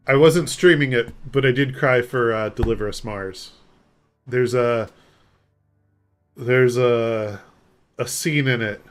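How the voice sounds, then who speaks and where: A man's voice: mid-range voice, a bit bright. A man streaming a game live, chatting casually with a rambling, self-deprecating manner as he reads and answers chat.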